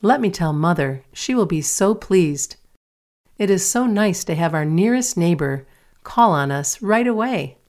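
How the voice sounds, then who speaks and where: A woman's voice: lowish voice, expressive, unhurried, a little mellow. A woman reading aloud, voicing a polite, hospitable young girl in a storybook. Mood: earnest. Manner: earnest and hospitable. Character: warm well-mannered young girl.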